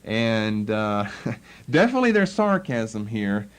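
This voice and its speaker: A man's voice: on the low side, very animated, slow, smooth. A man teaching a Bible lesson, explaining the text and acting out the tone of the people he quotes. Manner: explanatory, acts out the tone of quoted speakers.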